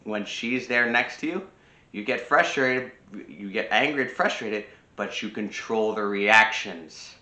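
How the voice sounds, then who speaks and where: A man's voice: lowish voice, a little slow, sharp tone. A man hosting a personal growth channel, giving casual advice and repeating his key phrases for emphasis. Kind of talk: casual self-help advice talk. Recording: roomy, slightly dull sound.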